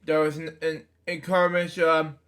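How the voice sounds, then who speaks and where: A man's voice: on the high side, level tone, moderate pace, a bit bright, smooth. A man reading a children's book aloud, stumbling over words and adding offhand comments between pages. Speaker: storybook reader.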